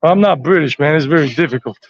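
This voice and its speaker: A man's voice: a little high, fast talker, dry recording, dull audio. An American man giving a rambling, chatty walking tour outdoors on city streets. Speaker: tour vlogger.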